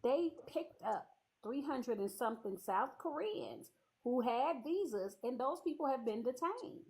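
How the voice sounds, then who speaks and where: A woman's voice: high-pitched, lively intonation, a little slow, a little mellow, low-quality recording. A woman from the Chicago area with a mixed Southern and Midwestern accent, hosting a debate in a pointed, sassy way. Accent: Chicago-area mix of Southern and Midwestern. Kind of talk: casual debate.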